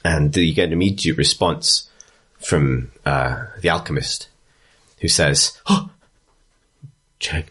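A man's voice: a bass voice, measured pace, fairly bright tone, slightly rough. A man narrating a tabletop game as game master, rambling with many restarts. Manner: rambling, full of ums and restarts.

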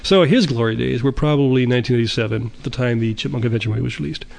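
A man's voice: mid-range voice, very fast, creaky, a little mellow. A man telling a long, rambling story in a casual monologue, often stammering and restarting his sentences.

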